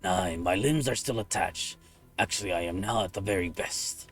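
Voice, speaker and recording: A man voicing a loyal, solemn warrior monk with a gravelly voice, reading game dialogue in formal, deliberate speech. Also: low voice, faint music behind, lightly acted. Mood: resolute.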